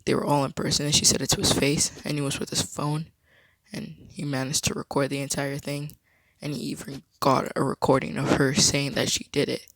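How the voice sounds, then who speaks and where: A man vlogging a casual story time, rambling in a low-key way. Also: little pitch movement, fairly quick, creaky, fairly bright tone, no room sound, rough recording.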